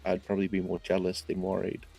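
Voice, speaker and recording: Deep-voiced New Zealand man, joking. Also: monotone, fast talker, vocal fry, dark tone, slightly rough, faint music behind. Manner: self-deprecating, joking. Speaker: guest. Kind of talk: casual chat on a livestream.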